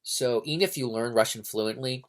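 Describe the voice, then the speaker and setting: A man's voice: medium pitch, normal speed. A man talking casually and unscripted about a novel, rambling with many fillers and restarts. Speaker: book reviewer. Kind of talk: casual unscripted book review.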